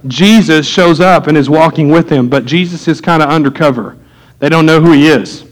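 A man's voice: on the high side, normal speed, poor audio. A man, a pastor, preaching a conversational sermon, acting out little voices and asides.

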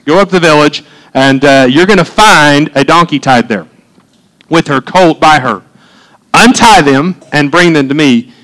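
A man delivers a sermon to his congregation. He talks in an easy, conversational way, then climbs into fervent emphasis. His voice sits a little high for a man. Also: fairly bright tone, rough recording. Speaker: pastor.

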